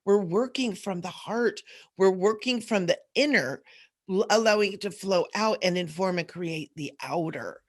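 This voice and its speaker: A woman's voice: medium pitch, moderate pace. A middle-aged woman hosting a casual spiritual livestream talk, rambling and laughing as she goes, a little sleepy and groggy. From Southern California. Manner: rambling, laughs often, frequent fillers. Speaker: host.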